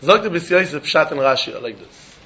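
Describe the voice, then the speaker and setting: Animated Talmud teacher with lilt. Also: male voice, a little high, fairly quick, highs cut off. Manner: sing-song study-hall explaining, acting out both sides of a deal. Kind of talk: animated Talmud class lecture.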